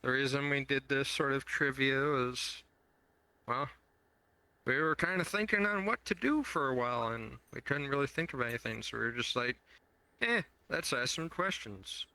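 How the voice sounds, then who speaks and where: A man hosting a podcast, talking in a relaxed, joking way that rambles a little. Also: mid-range voice, normal speed, clear, resonant tone, dry recording, low-quality recording. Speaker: podcast host. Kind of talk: casual podcast chat.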